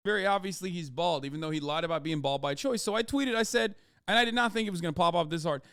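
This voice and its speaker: A man's voice: high-pitched, quick pace, clear, resonant tone, no room sound, clean studio sound. Sarcastic, profane male streamer ranting. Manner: animated, with frequent restarts and emphatic asides. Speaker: livestreamer. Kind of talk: casual livestream rant to chat.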